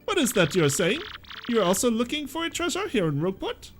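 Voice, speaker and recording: A man's voice: very high voice, wildly swooping pitch, fairly quick, exaggerated voice. A man voicing a pompous, flamboyant merchant sailor in a vague, made-up foreign accent, reading game dialogue over music. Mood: grandiose. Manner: grandiose, theatrical, vague foreign-sounding accent.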